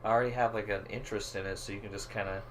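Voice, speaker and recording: A man co-hosting a podcast in casual chat, animated and quick to laugh, acting out quoted lines. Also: lowish voice, a little hiss or hum. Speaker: podcast co-host.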